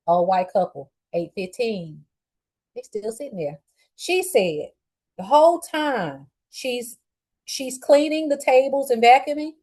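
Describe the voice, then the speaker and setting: A middle-aged woman hosting a show, telling a story in a casual, blunt and profane way with lively swings in her voice. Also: mid-range voice, rough recording. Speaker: podcast host.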